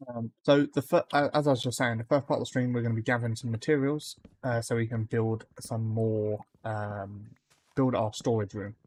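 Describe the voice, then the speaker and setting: A man's voice: medium pitch, fairly even intonation, moderate pace, darkish tone. A man streaming a game live, chatting casually with his viewers and greeting them by name, with plenty of ums. He says his accent can be hard to follow.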